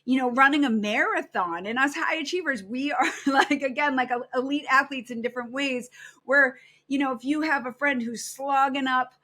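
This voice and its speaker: A middle-aged woman psychologist giving earnest, animated advice as a guest in a podcast interview. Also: high-pitched, normal speed. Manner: earnest, animated, acts out quoted self-talk.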